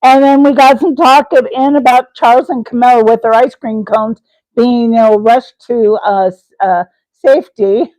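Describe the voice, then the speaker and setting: A woman's voice: fairly high pitch, fairly even intonation, normal speed, a little mellow, no room sound, poor audio. A woman hosting a live stream, rambling through comic bits, giggling and calling out viewers by name. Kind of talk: rambling comedic live chat.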